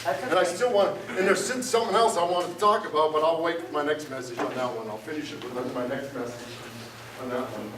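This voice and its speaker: In a church sanctuary, a man with a voice on the high side preaches a little fast, talking conversationally and cracking jokes with his congregation. The distant, roomy recording picks up guitar music and background noise.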